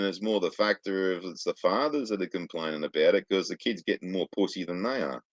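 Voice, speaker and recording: An Australian man with a very low voice tells crude, rambling stories and swears in nearly every sentence. The sound is dry and close, with no room behind him. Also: brisk, hardly any pauses, dry recording, muffled recording. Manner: profane, rambling anecdotes, heavy swearing. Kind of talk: crude casual chat.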